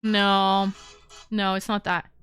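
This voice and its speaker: A young woman hosting a live-streamed call-in show, chatting casually and getting excited as she talks. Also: medium pitch, slow, clear, resonant tone, faint music behind. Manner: excitable, chatty, bursts into shouting and humming beats.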